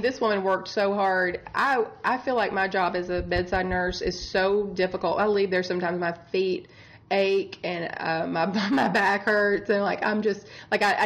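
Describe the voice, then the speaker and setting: A woman with a mid-range voice speaks at a moderate pace with fairly even intonation. She's a bedside nurse co-hosting a casual true-crime podcast, chatting through the case with exasperated humor and laughing often.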